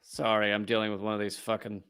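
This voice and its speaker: A man's voice: on the low side, little pitch movement, fast, fairly bright tone, clean tone. A man hosting a comedic news monologue, profane and sarcastic, rambling with frequent restarts. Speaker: comedy show host.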